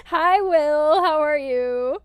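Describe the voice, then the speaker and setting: A young woman chatting casually on a live stream as a VTuber, reading her chat aloud, giggling often and getting loud when excited, with casual swearing. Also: high-pitched, no room sound, studio quality. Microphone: headset mic with headphones.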